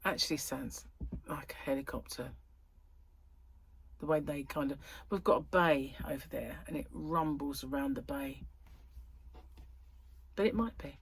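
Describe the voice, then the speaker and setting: A woman chatting casually to her viewers from home, a bit croaky and tired, rambling and correcting herself as she goes. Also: sits low, unhurried, pauses often. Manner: rambling, chatty, self-interrupting. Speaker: crochet vlogger. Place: at home, indoors.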